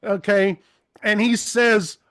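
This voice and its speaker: A man as an interview guest, telling stories in an animated, rambling way. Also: high-pitched, slow. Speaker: interview guest, trucking commentator. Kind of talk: conversational interview.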